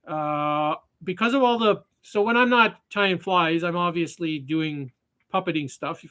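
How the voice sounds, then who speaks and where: A man's voice: fairly high pitch, a little slow, bright, forceful tone, smooth. A man hosting a live stream, chatting casually while tying flies, often trailing off and restarting sentences. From Canada. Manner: rambling, with frequent restarts and fillers.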